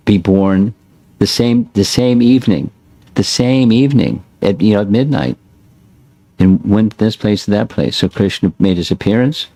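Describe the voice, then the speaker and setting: Low-voiced man giving a scripture class. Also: mellow, no echo. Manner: reads a passage aloud, then adds short plain asides. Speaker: spiritual teacher. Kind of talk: scriptural lecture with reading.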